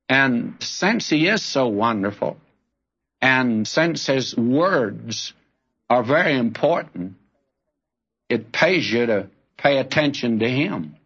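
Male preacher, earnest sermon, direct address to the listener, middle pitch, dull lo-fi sound. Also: a bit bright, husky. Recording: dull lo-fi recording.

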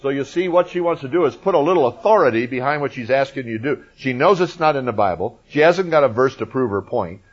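A male preacher explaining scripture with emphasis and folksy asides to the audience. His voice sits in a middle pitch, and the recording sounds muffled and lo-fi. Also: animated, fast, hardly any pauses. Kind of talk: Bible teaching.

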